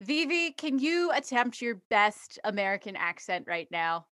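A woman improvising a comedy scene, accusing a suspect in a brisk, playful way. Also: fairly high pitch, sing-song, sharp tone, no echo, studio quality. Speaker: improv performer.

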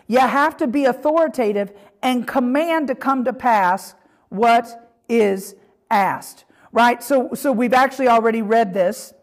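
A woman teaching a Bible lesson on prayer in a conversational way, with frequent asides and fillers. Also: on the high side.

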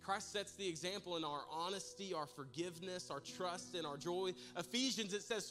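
A man preaching to his congregation, telling a comic personal story with animated, humorous delivery. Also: high voice, normal speed, hardly any pauses, faint music behind. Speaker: pastor. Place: church service in a large room.

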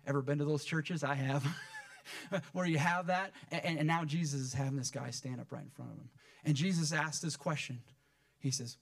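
A man preaching a sermon to his church, animated, acting out the people he quotes and swinging between loud emphatic lines and hushed ones. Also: medium pitch, fairly quick, dry recording. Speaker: pastor.

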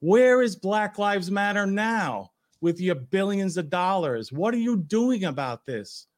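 His voice is high and sing-song, delivered at a measured pace. In laid-back talk show banter, this retired police officer from New York, a co-host, states his views emphatically and with plenty of opinion.

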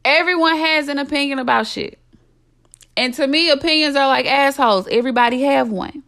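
Blunt high-voiced woman, swearing freely. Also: fairly quick, gravelly, fairly bright tone. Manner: blunt, heavy swearing, emphatic repetition. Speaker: podcast host. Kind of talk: impassioned monologue.

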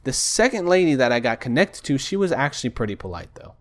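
A young man vents in a casual storytelling rant, exasperated and restless, at a middling pitch. He acts out both sides of the phone calls he describes, jumping between voices. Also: sing-song, fast. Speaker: vlogger. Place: home desk.

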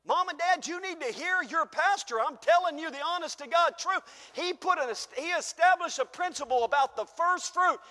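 A man's voice: very high-pitched, moderate pace, few pauses, long reverb tail. A man preaching a fervent sermon as pastor, calling out to his congregation and laughing between points. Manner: fervent preaching, rising and shouting, then chuckling asides. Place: church sanctuary.

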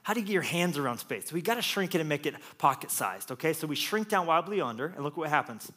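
Animated male preacher. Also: on the high side, fast. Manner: animated, jokey, acts out quotes with playful voices. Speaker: pastor. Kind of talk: lively sermon.

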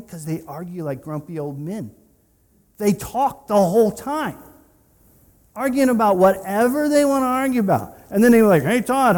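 A male pastor preaching a sermon in a conversational way, with personal asides and rhetorical questions. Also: high voice. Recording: long reverb of a large hall.

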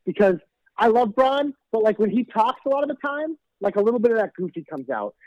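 A man's voice: sits high, very animated, a little fast, no echo. A man co-hosting a casual wrestling podcast who talks in a laid-back, candid way with some swearing. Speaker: podcast co-host. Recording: dull, dry lo-fi mic.

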